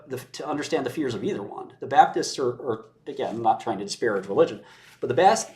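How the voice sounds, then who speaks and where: A man's voice: on the high side, a little mellow. A man giving his views in casual conversation, blunt and sardonic, often laughing as he mocks. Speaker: commentator. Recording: roomy echo.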